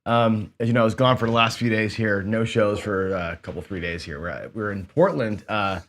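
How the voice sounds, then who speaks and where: A middle-aged man with a hoarse voice, hosting a casual gambling show and chatting loosely with many fillers and restarts. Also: on the low side, a little fast, a bit bright. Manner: rambling, filler-heavy, frequent restarts. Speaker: host.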